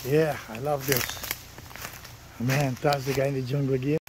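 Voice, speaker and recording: A man's voice: medium pitch, flat delivery, normal speed. A man vlogging outdoors in the bush, chatting enthusiastically to his viewers while driving. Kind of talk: casual vlog narration. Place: outdoors in rural bush, often driving a vehicle. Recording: outdoor recording with loud engine and wind noise.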